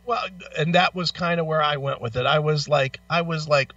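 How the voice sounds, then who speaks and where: Profane, animated man with a bright edge. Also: fairly high pitch, a little fast, few pauses, no echo. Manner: animated, swearing storyteller. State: in back pain. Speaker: radio show co-host. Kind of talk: profane casual chat. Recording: distant, dull lo-fi mic.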